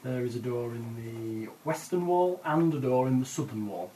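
A man's voice: mid-range voice, lively intonation, moderate pace, dark tone, distant mic, a little hiss or hum, low-quality recording. A man narrating a tabletop game as game master, describing scenes with hesitant fillers.

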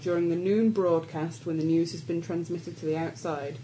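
A woman stands in as game master and reads the scenario aloud. Her voice sits a little low, and her reading is casual and teasing. Faint room hiss runs under her. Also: fairly even intonation, moderate pace, warm tone, poor audio.

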